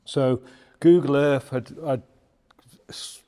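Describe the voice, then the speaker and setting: A man from Liverpool with a Liverpool accent, a podcast guest telling a lively anecdote in casual chat, acting out the people he quotes. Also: medium pitch, slow pace, clear, resonant tone. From Liverpool, England. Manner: animated anecdote-telling with acted quotes and laughs. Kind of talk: storytelling in casual interview.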